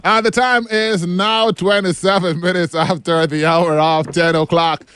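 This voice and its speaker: A man's voice: sits high, steady tone, unhurried, a bit bright, smooth, no room sound. A man, hosting a radio interview in an upbeat, friendly way. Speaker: radio host.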